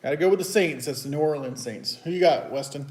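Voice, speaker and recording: A man's voice: on the high side, fast, a little mellow. A man hosting a casual, teasing sports picks chat at home. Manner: chatty, teasing, loose and rambling. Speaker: host. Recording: echoey room.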